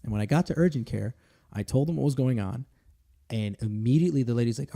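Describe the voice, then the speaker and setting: A man hosting a podcast, telling a personal story in casual, animated and profane chat. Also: medium pitch, fast, gravelly. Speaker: podcast host.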